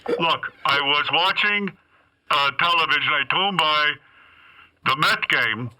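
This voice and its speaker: A man's voice: a little high, pushed and bright, slight background noise, pitched above the performer's own voice, heavily acted, low-quality recording. A man imitating his elderly father, who bluntly barrels on and laughs as he talks, while telling a story on a radio show. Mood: amused, incredulous. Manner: laughing, insistent, slow and emphatic. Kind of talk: impression within a radio anecdote.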